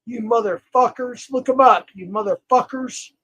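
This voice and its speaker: A man hosting a livestream, ranting and swearing with loud outbursts that drop to near mutters. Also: very high-pitched, moderate pace, slightly rough, poor audio. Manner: swearing, shouting in bursts, then dropping quiet. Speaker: livestream host. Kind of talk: angry livestream rant.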